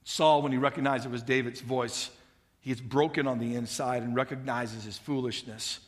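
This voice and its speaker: A man's voice: mid-range voice, steady tone, moderate pace. A man preaching a sermon, retelling a story with humor and acting out the characters' lines in changed voices. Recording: long hall reverb.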